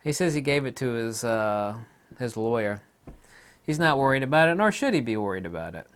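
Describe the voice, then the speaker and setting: A middle-aged American man in a casual, ranting monologue, with sudden loud outbursts. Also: medium pitch, big pitch swings, a little fast, clean tone. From United States. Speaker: video commentator.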